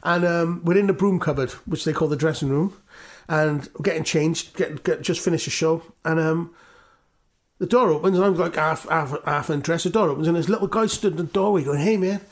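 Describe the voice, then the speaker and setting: A man's voice: a little high, a little fast. A Welsh man from Newport, a guest musician telling rambling stories in casual chat, swearing and acting out the voices of the people he quotes. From Newport, Wales.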